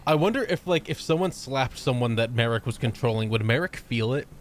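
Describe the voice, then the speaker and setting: A man's voice: mid-range voice, animated, a little fast, slight background noise. A man co-hosting a podcast in casual chat, joking and sometimes breaking into mock voices. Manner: jokey, jumps into squealing mock voices. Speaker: podcast co-host.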